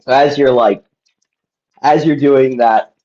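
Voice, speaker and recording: A man's voice: medium pitch, steady tone, slow, a little mellow, lo-fi sound. A man narrating as game master in a tabletop game, rambling with lots of ums and likes.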